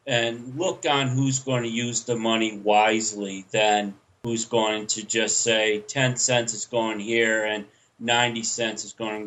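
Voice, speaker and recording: A man, a veteran guest on a radio show, speaking earnestly and deliberately with halting pauses. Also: mid-range voice, fairly bright tone, low-quality recording. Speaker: veteran guest, nonprofit volunteer. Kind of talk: radio interview talk.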